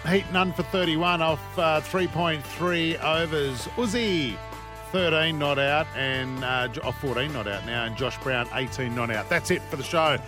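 A man's voice: on the high side, moderate pace, over music. A man hosting a sports radio show, chatting casually and upbeat with his co-hosts. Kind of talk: casual banter.

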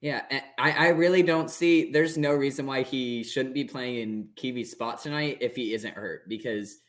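A man's voice: medium pitch, moderate pace, fairly bright tone. A man co-hosting a sports podcast, talking casually with frequent stammered restarts. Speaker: podcast co-host.

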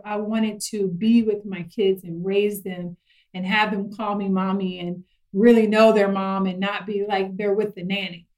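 A middle-aged woman chatting casually about parenting, telling stories lively and acting out her kids' voices. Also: medium pitch, low-quality recording. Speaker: guest parent.

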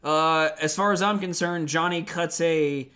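A man's voice: a little high, a little slow, sharp tone. A young adult man co-hosting a podcast, recapping wrestling in casual, rambling chat full of fillers, with a wry tone. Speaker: podcast co-host.

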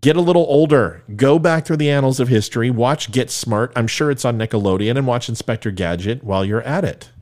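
A man hosting his own podcast, talking solo in a joking, sarcastic way with quick asides. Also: mid-range voice, darkish tone. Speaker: podcast host. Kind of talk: solo comedic podcast monologue.

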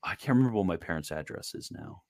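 Low-voiced maryland guy rambling casually, lots of likes and uhs, dry close sound. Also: lively intonation, fast, darkish tone, dry recording. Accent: Maryland American. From Maryland, USA. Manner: rambling, filler-heavy, laid-back. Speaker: show host. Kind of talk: casual livestream chat.

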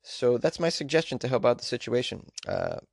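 A man's voice: medium pitch, wildly swooping pitch, brisk, creaky, no echo, studio quality. A man hosting a podcast, reading news stories and riffing on them with jokey, rambling asides. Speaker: podcast host. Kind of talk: casual news commentary podcast.

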